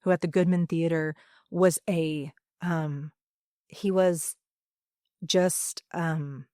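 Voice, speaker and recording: A woman who teaches high school theatre, speaking earnestly and emphatically in a podcast interview, with many fillers and pauses. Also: steady tone, dark tone, no echo, clean studio sound. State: emotional.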